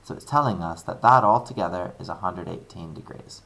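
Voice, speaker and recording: A man's voice: low-pitched, fairly quick, gravelly, a bit bright. A male maths teacher talking through a worked example, chatty and upbeat, thinking aloud with playful asides. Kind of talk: screen-recorded maths lesson.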